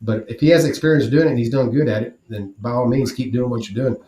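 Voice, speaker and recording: A man's voice: medium pitch, fast. A man co-hosting a casual sports talk show, blunt and profane, telling stories with energy. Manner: profane, blunt, animated storytelling. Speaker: podcast co-host. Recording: roomy echo.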